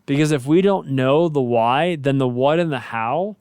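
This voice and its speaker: A man with a smooth, clear voice in a middle register, a pastor co-hosting a faith talk show. He talks reflectively and conversationally, as if chatting with listeners. The recording is dry and close. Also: mid-range voice, normal speed, a little mellow, no room sound. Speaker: pastor, co-host.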